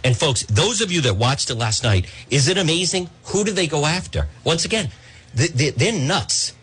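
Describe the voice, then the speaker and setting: A male radio talk show host, ranting excitedly, repeating himself and trailing off mid-sentence. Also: on the high side, brisk, slightly rough. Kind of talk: opinionated talk radio monologue.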